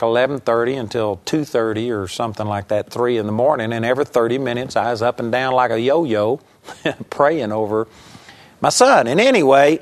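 A male preacher earnestly tells his testimony to a congregation. His voice sits at an ordinary middle pitch, and he quickens and slows his pace as the story builds. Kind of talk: sermon testimony.

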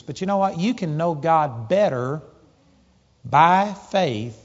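A male preacher delivers his sermon in a fairly high voice, growing animated as he tells his story. The sound carries a long hall reverb. The recording is slightly dull and muffled. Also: measured pace. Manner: animated storytelling, rising pitch when excited.

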